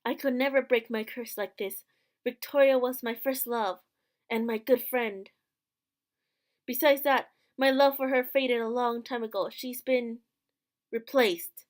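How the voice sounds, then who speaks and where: A woman reading a gentle young man, sorrowful. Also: a little high, fairly even intonation, a little slow, close to an everyday voice. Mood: tender. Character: young man, gentle and resigned, fading away. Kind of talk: reading visual novel dialogue aloud.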